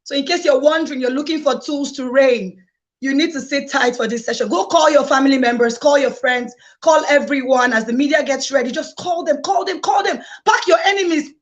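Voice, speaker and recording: A woman hosting a live-streamed conference with exuberant energy, hyping the crowd and repeating phrases. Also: sits high. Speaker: conference host. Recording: dull lo-fi sound.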